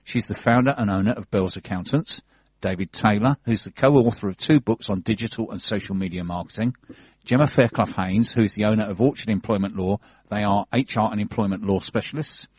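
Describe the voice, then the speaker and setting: A man's voice: fairly low pitch, brisk, darkish tone, slightly rough, no room sound, lo-fi sound. A man with a London accent co-hosting a radio show, chatting and joking as he reads out business event listings. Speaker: radio co-host reading business news. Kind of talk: casual radio chat and listings reading.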